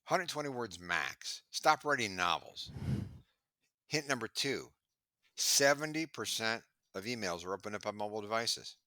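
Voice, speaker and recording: A man being interviewed about sales, talking in a lively way and acting out bits of dialogue, sometimes stammering as he restarts. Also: lowish voice, normal speed, dry recording, studio quality. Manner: animated storyteller, acts out dialogue. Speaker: sales expert guest. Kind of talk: podcast interview.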